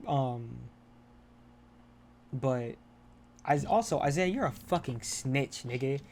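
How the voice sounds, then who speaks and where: A man's voice: mid-range voice, expressive, takes it slowly, darkish tone, a little hiss or hum. A young man on a podcast, talking candidly and rambling, with lots of swearing and restarts. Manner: rambling, profane, restarts often. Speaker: podcast co-host. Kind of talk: casual candid chat.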